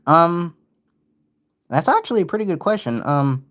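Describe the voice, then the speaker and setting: A young male streamer with a fairly high voice talks at a normal speed, rambling casually through his livestream commentary. He's animated and keeps cutting himself off mid-thought.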